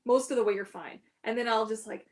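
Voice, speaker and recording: Female livestream host, mermaid performer; chatty, giggly, lots of "like", pitch a touch high. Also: fairly even intonation, fast. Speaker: mermaid performer hosting a live Q&A. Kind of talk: casual livestream Q&A.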